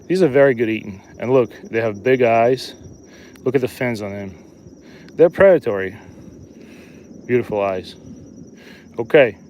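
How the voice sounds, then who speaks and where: A man's voice: mid-range voice, a little slow, pauses often, darkish tone, a little hiss or hum. A man in his thirties chatting and joking casually to viewers while he live-streams a fishing trip outdoors. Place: outdoors by a lake.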